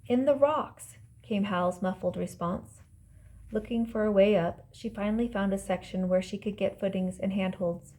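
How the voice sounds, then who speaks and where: A woman reading her own novel aloud as audiobook narration, calm and measured. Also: mid-range voice. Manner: calm, measured storytelling, voicing characters lightly.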